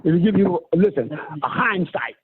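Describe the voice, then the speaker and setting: A man who presents himself as a spiritual teacher lectures listeners on a phone call in a high voice with lively intonation, keeping a measured pace. He preaches emphatically, his voice swooping, and addresses them as honey and sister, all through a tinny line with faint hiss.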